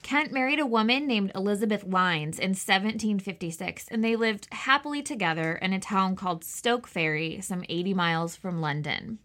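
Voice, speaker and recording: Woman history podcast host, bright clear tone, tells the story with lots of side comments. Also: medium pitch, lively intonation, normal speed, few pauses. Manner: chatty, asides and fillers while narrating. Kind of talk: scripted history narration with chat.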